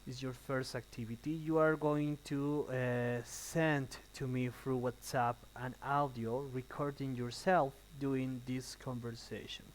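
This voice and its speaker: A man teaching an English class, explaining slowly with uh and um between phrases and then translating quickly. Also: medium pitch, little pitch movement, low-quality recording. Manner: thinking out loud with uh and um. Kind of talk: recorded online class, switching between English and Spanish.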